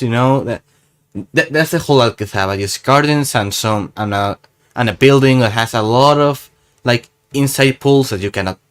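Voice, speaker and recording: Man, young adult, casual vlog chat, rambling, self-mocking. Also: medium pitch. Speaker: gaming YouTuber.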